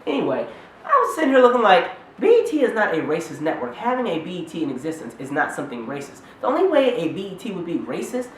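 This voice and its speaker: A man's voice: high voice, huge pitch swings, fast talker, a bit bright, echoey room, slight background noise. A man giving a fired-up, sarcastic commentary rant straight to his viewers. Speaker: vlogger. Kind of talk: casual commentary rant to camera.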